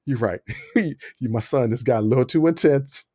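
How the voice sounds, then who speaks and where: A man imitating his father in his late thirties, speaking in a soft, slow, placating way. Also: mid-range voice, no room sound, clean studio sound, natural voice.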